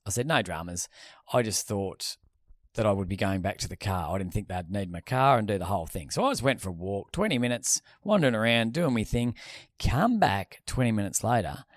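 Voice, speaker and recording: A man's voice: lowish voice, fairly quick, no room sound. An Australian man co-hosting a podcast, telling sweary stories in casual banter. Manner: sweary storytelling, lively and animated. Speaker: podcast co-host.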